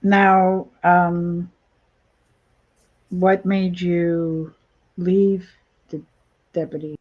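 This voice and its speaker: A woman's voice: lowish voice, little pitch movement, extremely slow. A woman hosting an interview show, asking questions and adding affirming murmurs. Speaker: podcast host. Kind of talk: interviewing a guest. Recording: dull, lo-fi sound.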